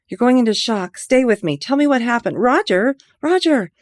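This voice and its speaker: A woman reading the part of a panicked young woman calling down a cliff, loud and frantic. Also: mid-range voice, expressive, a little fast, no echo, pitched above the performer's own voice, lightly acted. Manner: shouting, frantic.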